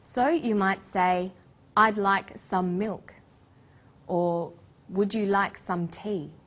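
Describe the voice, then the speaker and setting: A woman narrating an English language lesson in a clear, scripted teaching manner. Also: medium pitch, a bit bright. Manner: slow, clear teaching delivery.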